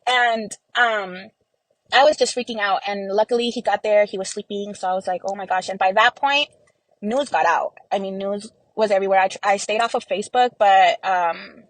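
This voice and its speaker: Recorded close to the mic with no echo but rough quality, this medium-pitched woman talks at a normal speed. She's a young podcast guest from Texas sharing a hurtful story about her family, voicing the quoted dialogue herself and leaning on fillers, "like" especially, as she tells it emotionally.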